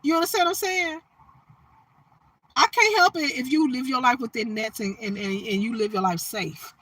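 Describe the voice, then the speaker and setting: A woman from Detroit, Michigan, hosts a preachy livestream monologue on her phone, speaking emphatically at a moderate pace. Her voice sits high, fairly bright and slightly rough. She keeps repeating "you understand what I'm saying."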